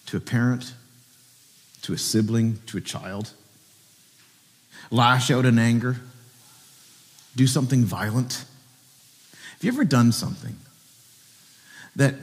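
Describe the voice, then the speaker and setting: A man's voice: mid-range voice, in a large hall. A pastor preaching a sermon at a church service, earnestly asking his listeners direct questions.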